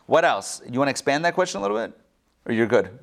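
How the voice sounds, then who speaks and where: A man's voice: medium pitch, quick pace, vocal fry. A man leading a class through a text, joking with the group and asking them for questions while an online audience follows along. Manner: animated, joking, asks the group many questions. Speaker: teacher leading a text study. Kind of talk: interactive class discussion.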